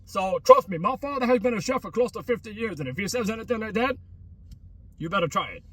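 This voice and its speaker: A man's voice: sits high, lively intonation, fast, a bit bright, breathy edge, far from the mic. A man, vlogging outdoors at a closed restaurant in a rambling, slang-heavy way with many restarts. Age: 30s. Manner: repetitive, full of restarts and street slang. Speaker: travel vlogger. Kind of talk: rambling casual chat.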